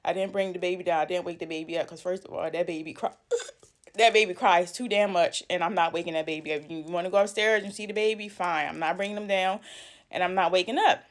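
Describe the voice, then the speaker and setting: A woman telling a personal story in a vlog, animated and emphatic, repeating lines for effect. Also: fairly low pitch, quick pace. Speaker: storytime vlogger.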